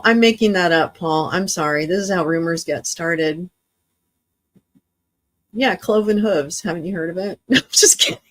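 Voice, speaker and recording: A tired woman hosting a livestream, chatting with viewers in a rambling way, swearing and laughing often. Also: mid-range voice. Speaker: livestream host. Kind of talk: casual livestream chat with viewers.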